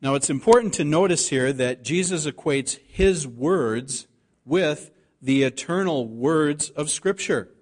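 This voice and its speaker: A man preaching a sermon, reading scripture aloud and slowing down to stress the key words. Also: fairly high pitch, lively intonation, darkish tone. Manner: earnest preaching, slows to stress scripture quotes. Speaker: pastor.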